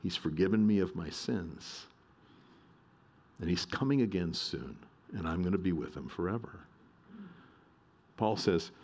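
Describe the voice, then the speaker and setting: A man's voice: sits low, expressive, unhurried, pauses often, a little mellow. A middle-aged male pastor preaching a sermon, earnest and emphatic, repeating key phrases.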